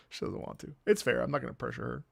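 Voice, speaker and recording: A man's voice: mid-range voice, gravelly, no echo. A man chatting casually on his stream, rambling, repeating words and swearing.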